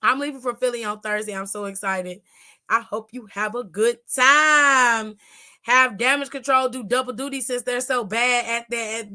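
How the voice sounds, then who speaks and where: Hosting a laid-back wrestling aftershow, a woman speaks at normal speed in a sharp, fairly high voice with a steady tone. Her storytelling is gossipy, loose and profane.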